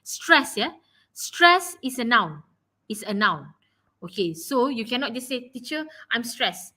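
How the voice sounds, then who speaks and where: A woman's voice: on the high side, sing-song, a little slow, pushed and bright. A Malaysian woman teaching an online English revision class, encouraging students and often repeating her phrases.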